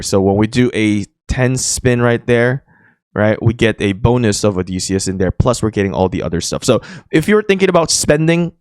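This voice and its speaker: A man's voice: lowish voice, no echo, studio quality. A man hosting a gaming channel, chatting casually as he walks through game screens, with frequent fillers and restarts.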